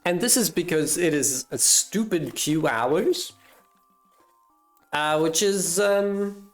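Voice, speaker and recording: A young adult streamer giving live gameplay commentary, thinking aloud, swearing and mocking their own mistakes. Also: mid-range voice.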